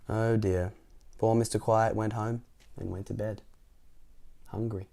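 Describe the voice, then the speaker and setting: A man reading a picture book aloud in a playful, animated way, often asking the listener questions. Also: on the low side, moderate pace. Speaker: storytime reader.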